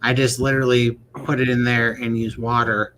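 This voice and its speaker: A man's voice: mid-range voice, flat delivery, normal speed, fairly bright tone, a little hiss or hum, poor audio. A man co-hosting a casual livestream chat, joking in a folksy way and reading viewer questions aloud. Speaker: podcast co-host.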